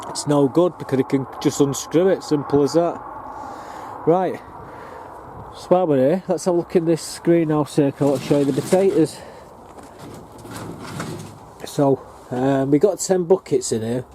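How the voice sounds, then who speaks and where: A man's voice: on the high side, measured pace, long pauses, mellow. Chatty northern English man outdoors. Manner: chatty, rambling, plain-spoken. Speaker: allotment gardener and vlogger. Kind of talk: casual walking tour. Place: outdoor allotment plot. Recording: faint outdoor background noise.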